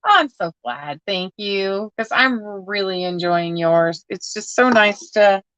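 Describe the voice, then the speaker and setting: A woman's voice: mid-range voice, animated, slow pace, fairly bright tone, dry recording, lo-fi sound. A woman chatting casually to viewers while sorting through a box of odds and ends, rambling and laughing at herself. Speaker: crafting vlogger. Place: at home.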